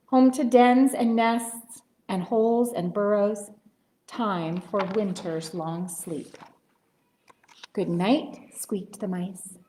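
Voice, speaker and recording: A woman librarian reading picture books aloud at story time, gentle and expressive, cheerful and encouraging with young children. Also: medium pitch, reverberant.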